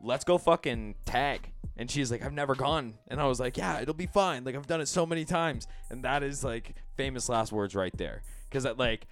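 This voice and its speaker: A man co-hosting a podcast in relaxed, casual chat, swearing casually and reacting quickly. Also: mid-range voice, no echo, faint music behind. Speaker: podcast co-host.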